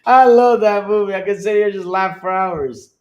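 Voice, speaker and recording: A man hosts a loose, chatty podcast, his pitch sitting a little above most men's. He laughs often, doubles back on his own phrases and swears casually as he riffs. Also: moderate pace, darkish tone, muffled recording. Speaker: podcast host. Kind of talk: casual livestream chat reacting to chat comments.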